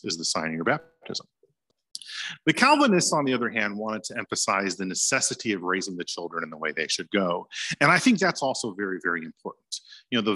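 A man's voice: on the low side, pushed and bright. A man giving an informal lecture on church history, talking conversationally and chuckling now and then.

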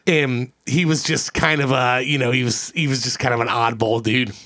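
A man's voice: mid-range voice, steady tone, normal speed, fairly bright tone. A man hosting a casual podcast, telling rambling, profane stories. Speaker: podcast host.

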